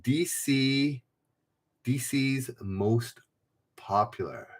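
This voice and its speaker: Speaking very slowly in a mid-range voice, a man hosts live trivia from home, reading quiz clues and calling out chat names while rambling and frequently correcting himself.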